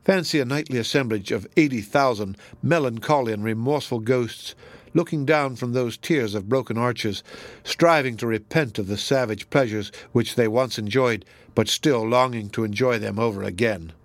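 A man's voice: mid-range voice, normal speed, dry recording, close to an everyday voice. A man reading a thoughtful sculptor. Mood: musing.

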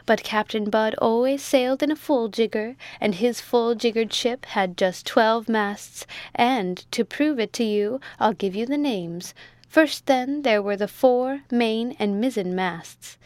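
A woman's voice: fairly high pitch, unhurried, darkish tone, dry recording. A woman voicing a chatty old widow. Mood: earnest. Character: silly elderly widow, chatty and proud.

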